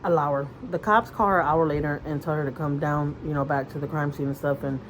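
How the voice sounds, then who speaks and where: A woman's voice: low voice, fairly even intonation, fairly quick, slight background noise, poor audio. A woman vlogger retelling a story in casual chat, rambling with fillers and restarts, earnest and conversational. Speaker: mother vlogger.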